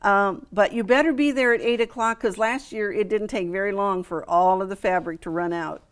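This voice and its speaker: A woman's voice: mid-range voice, moderate pace. A middle-aged American woman with an American accent, chatting enthusiastically as a quilt show director in an interview, with many fillers and restarts. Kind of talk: relaxed interview chat.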